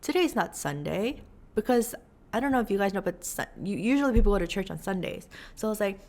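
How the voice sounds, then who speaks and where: A young woman vlogs in a loose, chatty way, full of fillers and "like". Her voice sits at an ordinary middle pitch for a woman. She keeps acting out little quotes as she tells her story. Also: quick pace. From New York, USA. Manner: chatty, animated, lots of fillers and acted quotes. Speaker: vlogger. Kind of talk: casual storytelling vlog.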